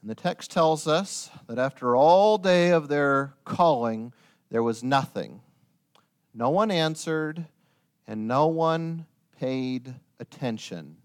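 A man preaching a sermon, retelling a story with lively storytelling and joking asides to his listeners. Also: fairly high pitch, takes it slowly, smooth.

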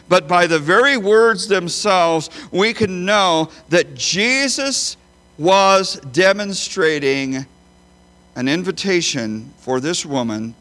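A man preaching a sermon as a pastor, emphatic, swinging between loud high bursts and quiet low phrases. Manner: emphatic, with big swings in pitch and loudness.

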